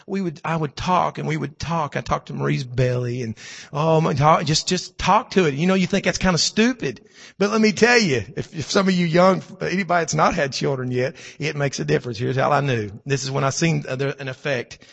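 A middle-aged male pastor delivers a sermon in a high, gravelly, hoarse voice. He swings from fervent preaching to hushed storytelling. The bright sound rings with a long hall reverb. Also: fairly quick.

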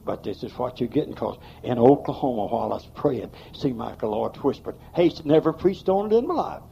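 A man's voice: mid-range voice, expressive, a little fast, creaky, dull audio, a little hiss or hum. A man preaching a sermon in a church, emphatic and folksy, with plain rural grammar. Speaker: pastor.

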